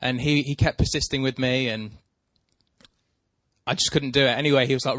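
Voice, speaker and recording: A little fast and recorded dry, the man's mid-range voice carries a rambling story that pokes fun at himself. He's chatting casually with a co-host and gets animated when excited.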